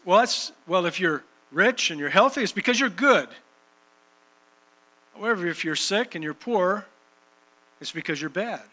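Guy preaching, bright ringing voice a bit high, punchy repeated lines. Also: low-quality recording. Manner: emphatic, repeats phrases for rhythm. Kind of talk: sermon.

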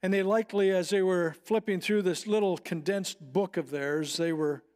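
A middle-aged male pastor delivering a sermon in an earnest, heartfelt way. His voice sits a little higher than most men's, and he slows deliberately on phrases he wants to land. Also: darkish tone. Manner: earnest, personal storytelling with slowed emphatic phrases.

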